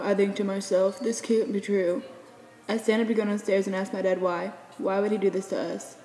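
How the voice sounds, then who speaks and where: A woman reads a story aloud with a mellow, darker tone and a plain, unhurried delivery. Her voice rings in an echoey room with a long reverb tail, and a faint hiss sits underneath. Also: mid-range voice.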